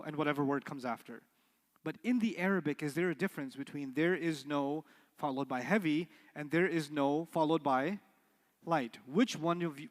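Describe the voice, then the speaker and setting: A middle-aged man teaching an Arabic class, telling animated stories, acting out quoted voices and quizzing his students. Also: a little high, big-room sound. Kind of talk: lecture with storytelling.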